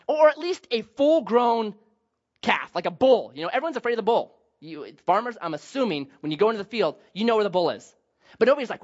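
A man pastor giving a sermon, telling Bible stories with humor and acted asides, on a dull lo-fi recording. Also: high-pitched.

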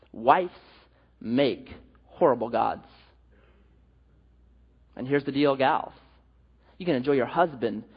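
High husky guy preaching, lively storyteller, echoey dull hall. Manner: animated storytelling with jokes. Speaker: pastor. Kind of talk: sermon.

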